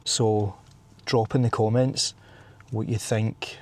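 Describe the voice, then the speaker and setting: A Scottish man with a husky, brash voice, chatting casually as a camping vlogger outdoors at a campsite. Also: lowish voice, level tone, slow. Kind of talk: casual vlog chat.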